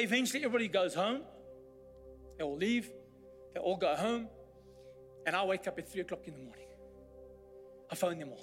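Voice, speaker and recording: A man pastor delivering a sermon in a church hall, an animated storyteller who builds to exclamations. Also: very high voice. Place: church hall during a service. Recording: long church reverb, faint music.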